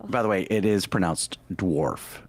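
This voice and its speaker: Male podcast co-host, wisecracking, lively up-and-down delivery. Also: mid-range voice, moderate pace. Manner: wisecracking, argumentative. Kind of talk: casual banter.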